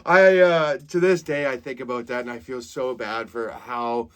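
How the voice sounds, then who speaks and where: A man in his thirties from Saskatchewan hosts a comedy podcast. He tells stories in a casual, animated way, laughs at his own jokes and swears freely. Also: mid-range voice, normal speed, clean tone. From Saskatchewan, Canada. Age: 30s.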